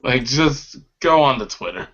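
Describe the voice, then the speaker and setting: A man's voice: medium pitch, animated, measured pace, fairly bright tone. A young man co-hosting a podcast, chatting casually in a sassy, playful way. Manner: sassy, playful, bursts into exclamations. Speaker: podcast co-host. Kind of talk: casual chat. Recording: dull lo-fi webcam audio.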